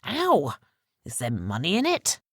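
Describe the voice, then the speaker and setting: A woman voicing a roguish, wry male pirate captain in an audiobook, with gruff, bantering delivery. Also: sits low, wildly swooping pitch, unhurried, no echo, studio quality, pitched above the performer's own voice, exaggerated voice.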